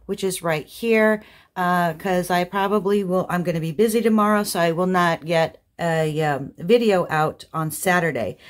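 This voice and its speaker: Her voice is on the lower side as this female craft vlogger talks her way through an unboxing. She keeps it casual and gushes, letting out excited exclamations.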